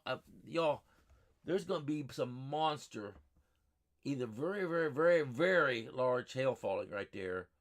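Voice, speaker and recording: A man hosting a live weather stream, talking excitedly over radar maps and repeating himself as he rambles. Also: medium pitch.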